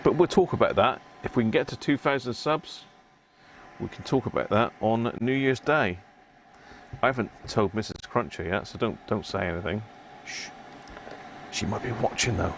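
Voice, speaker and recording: A man's voice: mid-range voice, expressive, moderate pace, a little hiss or hum. A British man hosting a livestream, chatting casually and rambling while he works on a radio repair, often laughing at himself. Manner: chatty, rambling, self-mocking.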